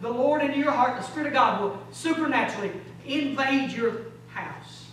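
A man preaching a sermon, emphatic and rhetorical, moving between loud exhortation and low urgent passages with folksy asides. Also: fairly quick. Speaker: pastor. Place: large church sanctuary. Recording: very echoey hall, distant mic, faint hum.

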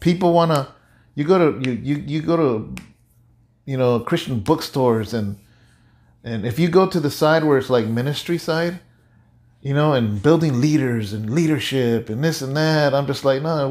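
A male pastor giving an animated, conversational sermon-like talk, often repeating himself. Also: medium pitch, normal speed. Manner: animated, repetitive, conversational preaching. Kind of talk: casual sermon-like chat.

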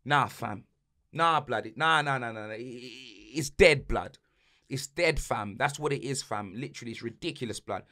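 Ranting young London man, bright tense voice. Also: mid-range voice, normal speed. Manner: repeats slang tags like blood and fam, swings from shouting to muttering. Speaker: podcast host. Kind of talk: heated football rant.

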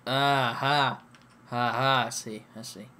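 A man's voice: medium pitch, fairly even intonation, slow pace, sharp tone. A young man hosting a gaming session, chatting casually with friends in a rambling, hesitant way full of fillers and restarts. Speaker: gaming channel host.

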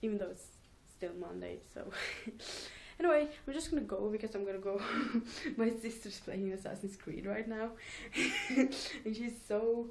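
A woman's voice: mid-range voice, moderate pace, creaky. A teenage girl rambling casually in a home vlog, giggling and mocking herself between thoughts. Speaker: vlogger.

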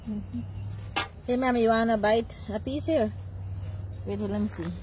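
A chatty woman with a Guyanese accent hosts her backyard cooking vlog after dark, her voice sitting a little high. She laughs easily and talks warmly with her family between bites. Faint crickets chirp behind her. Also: fairly even intonation, moderate pace, noisy background. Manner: chatty, affectionate, laughs often, talks while eating. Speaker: vlog host. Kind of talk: casual food vlog chat. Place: backyard outdoors at night.

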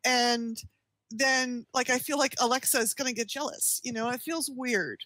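A woman's voice: on the high side, normal speed, sharp tone, no room sound. A woman on a casual podcast panel, chatting easily and filling her talk with "like" and "you know".

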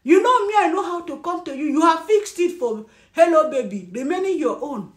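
A Nigerian woman with a high voice and Birom as her first language rants bluntly straight to camera. She scolds, laughs and talks with animation. Her voice rings in an echoey room. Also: lively intonation, a little fast, few pauses. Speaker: commentary vlogger. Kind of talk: ranting commentary.

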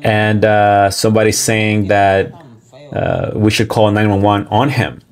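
A man casually commenting on and translating livestream clips, talking in a relaxed, conversational way with frequent pauses. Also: lowish voice.

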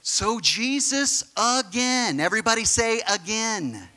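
Bright-voiced, animated male preacher. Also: sits high, slow pace. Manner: animated, conversational preaching with acted-out quotes. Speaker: pastor. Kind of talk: sermon.

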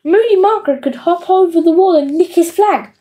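A woman narrating a children's audiobook in an expressive storytelling manner. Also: very high voice, a little fast.

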